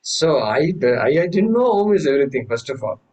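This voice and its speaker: A man teaching a scripture class, telling stories with many restarts and reciting Sanskrit verses slowly. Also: on the high side, big pitch swings, darkish tone, low-quality recording. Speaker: Vedanta teacher. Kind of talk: spiritual class lecture.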